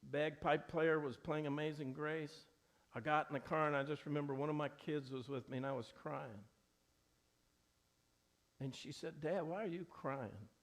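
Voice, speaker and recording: Earnest middle-aged pastor preaching a sermon. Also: male voice, on the high side, flat delivery, moderate pace, pauses often. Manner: earnest, conversational, with frequent restarts. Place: church sanctuary.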